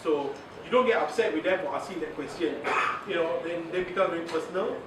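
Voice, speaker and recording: A man's voice: fairly high pitch, animated, quick pace. A man with a Malaysian English accent giving a chatty workshop lecture, laughing often and mixing in Malay words. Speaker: media communication trainer. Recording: echoey, from far off, noisy.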